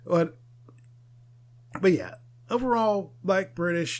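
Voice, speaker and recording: A man's voice: high-pitched, animated, measured pace, pauses often, darkish tone. Male podcaster, casual solo commentary, opinionated and digressive, light laughter. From United States. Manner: opinionated, rambling, laughs often. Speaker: podcast host.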